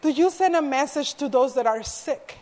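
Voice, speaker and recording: A woman's voice: high voice, normal speed, darkish tone. A woman preacher telling a personal story in a sermon, earnest, with self-deprecating asides. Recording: echoey hall reverb.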